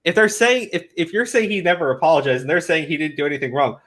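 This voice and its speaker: A man ranting in heated commentary chat, swearing often and mocking critics in high whiny voices. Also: quick pace, fairly bright tone. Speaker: commentary podcast co-host.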